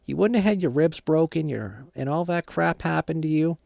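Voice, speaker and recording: A man's voice: on the high side, lively intonation, moderate pace, vocal fry, a little mellow, no room sound, studio quality, pitched above the performer's own voice. A man voicing a bossy teenage son who lectures his father in a Minecraft role-play. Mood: scolding. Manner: lecturing, preachy.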